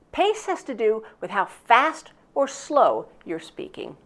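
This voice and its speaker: Woman teaching with a lively, expressive voice. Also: normal speed, hardly any pauses. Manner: expressive, varies loudness and pitch. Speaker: public speaking teacher. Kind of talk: instructional narration.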